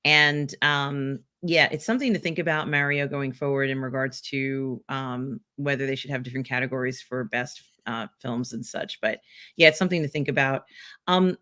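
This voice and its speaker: A woman's voice: extremely low pitch, fairly even intonation, normal speed, sharp tone. A woman hosting a casual live pop culture stream, reading out viewer comments in a rambling way with many filler ums.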